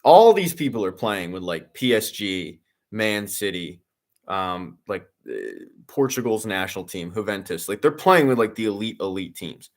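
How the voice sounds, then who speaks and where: A young man with a slightly low voice chats his way through a live game stream, jumping from topic to topic. He talks like an excitable fan, full of fillers, restarts and the occasional curse. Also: normal speed. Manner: rambling, filler-heavy, excitable sports fan, swears. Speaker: streamer hosting a sports watch-along. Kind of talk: casual live commentary and chat.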